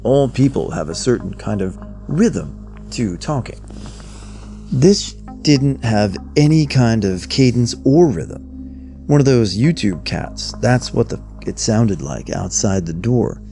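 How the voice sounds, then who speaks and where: A man's voice: medium pitch, sing-song, measured pace, vocal fry, dark tone, faint music behind. A man narrating a first-person horror story in a blunt, profane, conversational way.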